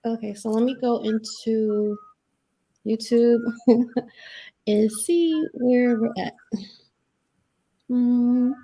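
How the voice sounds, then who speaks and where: A woman co-hosting a live stream, with a voice slightly high for a woman. She reassures her partner and laughs often. She walks him through the setup step by step. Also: steady tone, drawn-out words, long pauses, warm tone. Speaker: co-host helping with the stream. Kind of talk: casual live stream chat.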